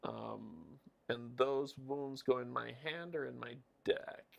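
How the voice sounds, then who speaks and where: A man's voice: mid-range voice, slow, gravelly, muffled recording. A man streaming live, casually thinking aloud and counting his moves as he plays a board game. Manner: muses and counts moves under his breath.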